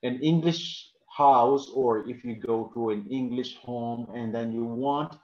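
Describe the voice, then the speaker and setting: A man teaching English pronunciation to a class, repeating each example word slowly, in non-native English with small grammar slips. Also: medium pitch, fairly even intonation, darkish tone. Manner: repeats words slowly to model them. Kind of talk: classroom lesson. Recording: roomy, dull-sounding classroom recording.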